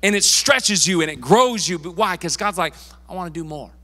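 A man preaching in a bright, forceful voice that sits a little high for a man. He talks to his congregation in a loose, emphatic way, repeating words as he drives a point home. A long hall reverb trails every phrase. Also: animated, brisk. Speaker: pastor. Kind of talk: sermon. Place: church sanctuary.

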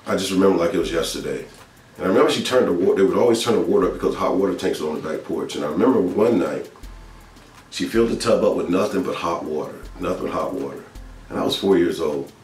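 Speaking fast in a low, slightly mellow voice, a Georgia man gives an earnest spiritual testimony, casual and storylike, returning to the same phrases again and again. He's recorded from a distance in an echoey room where faint music plays.

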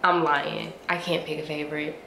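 Sniffly from allergies, a young beauty and fashion vlogger reviews her haul to camera, gushing and playful with slangy asides and slowly stretched hums and words. Her voice sits a little low, flat in delivery yet pushed and bright, with noticeable room echo over a faint hiss.

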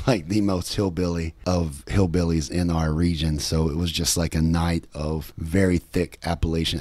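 Man, light West Virginia accent, deep voice, dry recording, easygoing rambling podcast host. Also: darkish tone, dry recording. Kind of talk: casual solo podcast talk.

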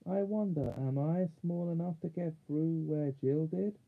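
A man's voice: a little high, measured pace, vocal fry, voice pushed up. A man voicing a blunt, impatient schoolboy in a storybook reading. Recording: narrow phone-like sound.

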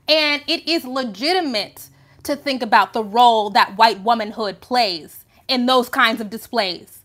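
Woman, live commentary host, high voice, emphatic, rhetorical questions. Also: unhurried, fairly bright tone.

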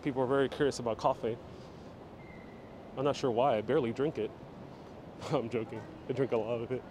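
A man's voice: medium pitch, fairly even intonation, a little fast, noisy background. A man hosting a live walking tour, joking as he reads out viewer comments while he walks through a city station. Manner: jokey, chatty, reacting to viewer comments. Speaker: host. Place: outdoors and in a busy city station. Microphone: handheld phone on gimbal.

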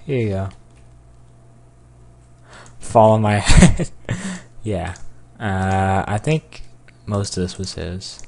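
A man giving casual gameplay commentary, excitable, yelping and cursing at what happens on screen. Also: low voice, takes it slowly, creaky, long pauses. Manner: excitable, yelps and curses at the game. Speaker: gamer.

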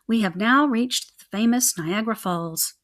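A woman's voice: a little high, normal speed, a bit bright, lightly acted. Woman reading a bus driver guy announcing the stop, formal, storybook.

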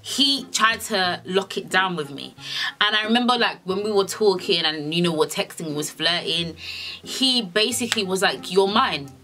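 A young woman telling a storytime vlog in a sassy, animated way, swearing a lot and acting out the dialogue. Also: lowish voice, moderate pace, faint music behind. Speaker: vlogger.

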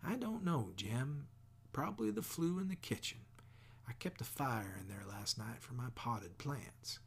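A reader voicing a cheerful, tart older woman with a Southern accent, talking briskly and wryly. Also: mid-range voice, gravelly, husky, exaggerated voice. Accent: American Southern. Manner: brisk, wry, lively.

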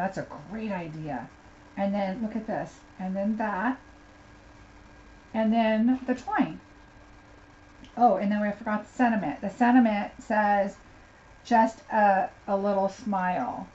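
A woman's voice: medium pitch, unhurried, pauses often, a little mellow. A woman doing a chatty live unboxing, gushing over each craft item and talking to viewers by name. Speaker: craft demonstrator. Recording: slightly dull lo-fi sound, faint noise.

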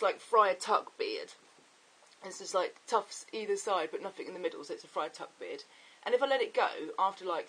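A young man chatting excitably and rambling in a casual video diary. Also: high-pitched, husky, poor audio. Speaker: vlogger.

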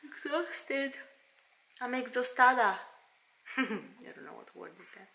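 A woman's voice: fairly high pitch, lively intonation, slow, gravelly, bright, forceful tone. A young woman from Romania, playfully talking to her baby in a home vlog with sing-song baby talk and frequent laughter. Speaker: mother and vlogger.

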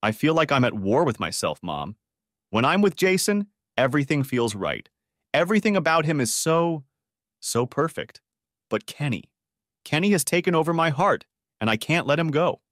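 A man's voice: fairly high pitch, big pitch swings, normal speed, fairly bright tone, no echo, clean studio sound, pitched above the performer's own voice. A man voicing a distressed young bride who stammers through tears in an audiobook story.

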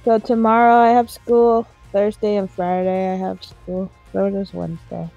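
A woman's voice: mid-range voice, little pitch movement, vocal fry, mellow, dry recording, muffled recording, soft background music. A woman chatting playfully and teasing while co-commentating a fighting game stream. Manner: playful, teasing, talks in quick bursts. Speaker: esports co-commentator. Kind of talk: casual color commentary and chat.

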